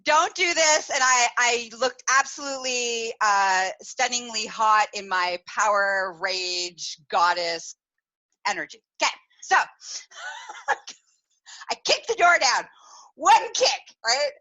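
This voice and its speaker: A woman hosting a podcast, telling a personal story in a candid, animated way, laughing often and swearing freely. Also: on the high side, takes it slowly, low-quality recording. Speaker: podcast host.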